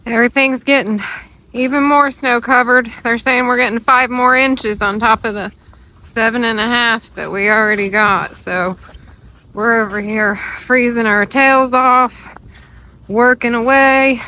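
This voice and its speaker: A woman's voice: fairly high pitch, fairly even intonation, measured pace, sharp tone, slight background noise, rough recording. A woman in her forties from Ohio, chatting to viewers as she walks them around her home. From Ohio, USA. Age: 40s. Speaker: vlog co-host. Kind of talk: casual vlog narration.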